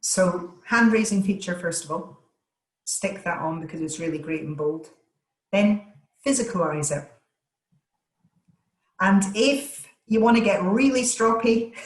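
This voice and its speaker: Emphatic woman voice coach, echoey room. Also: medium pitch. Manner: emphatic, energetic coaching delivery with deliberate stress on words. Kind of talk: webinar Q and A answers. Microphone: video call.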